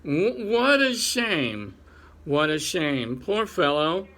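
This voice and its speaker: A man voicing a pompous older male chief rabbit in a storybook reading, speaking in a slow, patronizing drawl. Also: a little high, big pitch swings, a bit bright, heavily acted.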